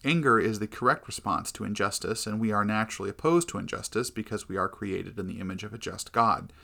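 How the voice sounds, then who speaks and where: A man giving a measured, earnest scripted narration of a Christian devotional book. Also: fairly low pitch, creaky, pushed and bright.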